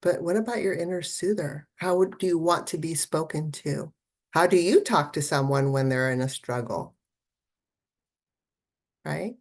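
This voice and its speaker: A woman's voice: low-pitched, moderate pace, long pauses. A woman art therapist giving a festival talk, encouraging and conversational, often checking in with "right?".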